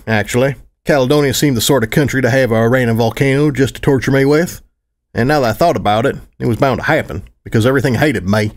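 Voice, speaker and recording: A man narrating a fan fiction audiobook in first person, with a wry, dry delivery. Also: medium pitch.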